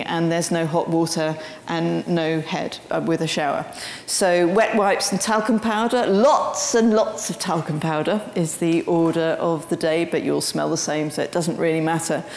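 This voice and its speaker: A woman speaks as a guest lecturer and tells her story with lively energy and many ums. Her voice carries through a large room with a long, ringing echo. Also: lowish voice. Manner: animated storytelling with frequent ums. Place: lecture hall. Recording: roomy hall with long reverb.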